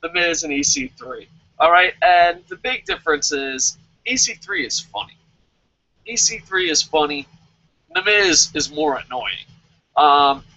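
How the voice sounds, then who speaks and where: A man with a high, bright, forceful voice rants through a wrestling review, sarcastic and full of swearing. The audio is dull and lo-fi. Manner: sarcastic, swears a lot, animated. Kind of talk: casual profane review rant.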